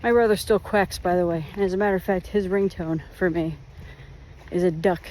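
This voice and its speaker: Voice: mid-range voice, fairly even intonation, a little fast, darkish tone, slight background noise. A vlogger telling rambling, self-mocking stories while out on a walk. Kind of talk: casual storytelling on a walk. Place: outdoors, walking.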